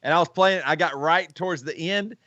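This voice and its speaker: Brief: man, higher voice, lively storyteller, dry, slightly muffled remote feed. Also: no room sound. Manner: animated storyteller, quick stammering restarts. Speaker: musician and co-host. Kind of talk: casual livestream chat.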